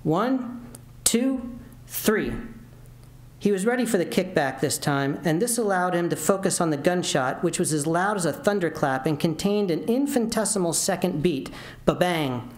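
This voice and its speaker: A man's voice: sits high, expressive, normal speed. A man reading his own fiction aloud at a university, narrating steadily with occasional restarts. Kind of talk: literary reading. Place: university lecture room. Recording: roomy lecture hall.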